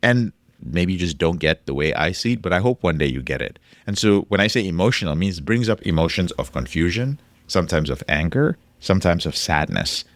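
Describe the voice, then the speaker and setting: A man's voice: low voice, big pitch swings, brisk, hardly any pauses, dry recording. A man hosting a podcast alone and coaching listeners in recovery, talking emphatically, repeating key phrases and swearing casually. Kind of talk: solo podcast monologue.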